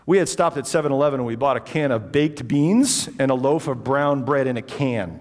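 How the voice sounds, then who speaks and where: A man telling a personal story in a talk, animated and acting out the dialogue, in a reverberant hall. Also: fairly high pitch, a little fast, hardly any pauses. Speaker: speaker.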